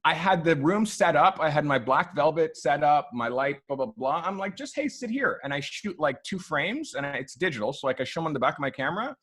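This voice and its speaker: A man, a photographer, telling long stories in a relaxed interview, full of fillers like "um" and "like". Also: on the high side, fairly quick, few pauses. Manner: loose, animated storyteller who acts out quoted people; frequent fillers like "um" and "like". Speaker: photographer guest. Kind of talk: storytelling in a podcast interview.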